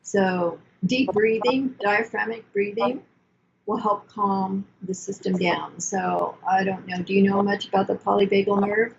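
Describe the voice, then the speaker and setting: Older woman therapist, gravelly and calm. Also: mid-range voice, unhurried, dull audio, a little hiss or hum. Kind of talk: conversational teaching.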